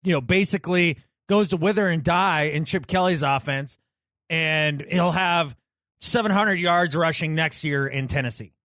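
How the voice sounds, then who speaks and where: High-voiced guy on a sports podcast, sarcastic and emphatic, pretty dry sound. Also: normal speed, a bit bright, no room sound. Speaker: podcast co-host. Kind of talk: casual sports chat.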